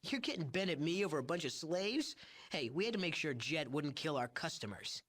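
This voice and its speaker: A smug young game chemist, full of himself and sneering at everyone around him. The voice sits fairly high for a man, and he shrugs off cruelty in a light, offhand way. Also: very animated, fairly quick, fairly bright tone. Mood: scornful. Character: young arrogant male drug chemist. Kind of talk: video game voice acting.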